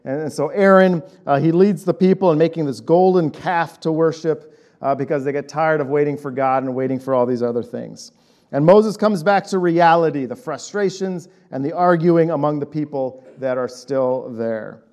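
A man's voice: on the high side, moderate pace, a little mellow. Conversational man in his late thirties preaching. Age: late 30s. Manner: conversational, checks in with "right?". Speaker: pastor. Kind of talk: sermon.

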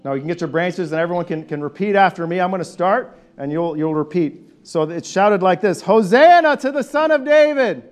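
A man preaching a conversational sermon, animated and leading his congregation in call and response. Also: fairly high pitch, a little fast, few pauses. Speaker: pastor.

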